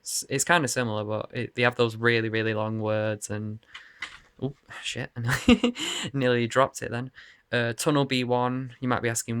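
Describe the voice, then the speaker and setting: A man's voice: medium pitch, little pitch movement, normal speed, a bit bright, clear, resonant tone, dry recording. A man rambling casually to camera in his bedroom about his game collection, laughing and swearing often. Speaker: video game collector showing his cases.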